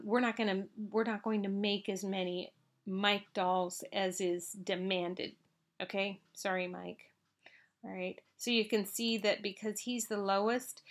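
A woman instructor walking through an accounting problem in a conversational lecture, often checking in with "all right?". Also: medium pitch.

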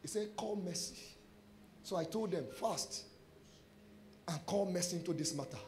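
A Nigerian pastor with a noticeably high voice preaches through a string of testimony stories. He acts out each exchange in lively quoted dialogue and drops into pidgin phrases as he goes. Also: moderate pace, long pauses. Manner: animated storyteller acting out dialogue. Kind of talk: sermon testimony.

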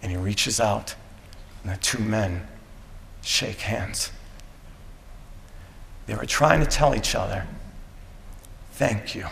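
A man giving a graduation speech, telling a dramatic story with slow, deliberate pauses. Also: fairly low pitch, vocal fry, fairly bright tone, slight background noise. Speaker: commencement speaker. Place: school graduation ceremony. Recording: echoey hall from a PA.

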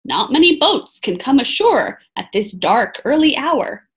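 A woman's voice: high voice, sing-song, a little slow. A woman reading aloud and voicing a jolly, kindly middle-aged monk with a hearty manner. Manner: hearty, friendly.

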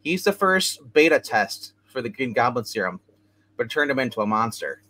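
A man's voice: medium pitch, big pitch swings, moderate pace, pushed and bright. A man hosting a casual chat show, rambling through a comic book review with many restarts and asides.

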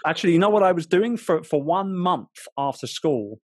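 A British man in his forties, an author guest telling animated stories in an interview, often restarting his sentences. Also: fairly high pitch, moderate pace, no room sound, clean studio sound. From England. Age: 40s. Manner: animated storyteller, frequent restarts. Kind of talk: storytelling interview chat.

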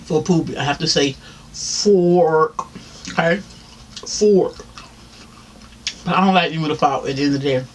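A man's voice: on the high side, a little fast, slight background noise. A man with a Southern US accent, chatting casually to viewers while eating on camera, laughing often and saying "y'all". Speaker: mukbang vlogger. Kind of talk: casual eating-show chat.

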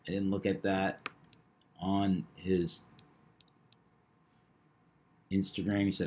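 A man hosting a video, talking through number patterns in a measured, knowing way. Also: deep voice, flat delivery, darkish tone. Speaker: numerology video host. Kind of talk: casual monologue.

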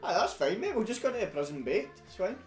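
A man's voice: high-pitched, very animated, fast talker, a little mellow. A young Scottish man chatting casually as co-host, laddish and sweary, laughing often. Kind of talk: casual chat. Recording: echoey room with music behind.

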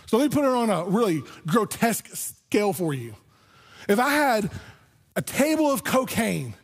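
A man's voice: sits high, slightly rough. A man pastor preaching a sermon in a conversational way, often restarting his words. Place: church sanctuary.

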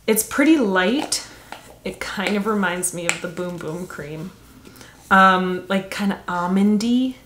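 A woman's voice: lowish voice, fairly bright tone, reverberant, a little hiss or hum. A woman vlogger chatting casually through a beauty product haul, enthusiastic and full of fillers.

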